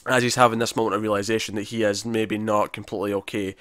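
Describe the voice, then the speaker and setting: A man with a fairly low voice co-hosts a podcast, running through a drama episode in a rambling, talkative TV-review recap and acting out lines. His pitch barely moves, he speaks quickly with a slightly bright tone, and the recording is dry.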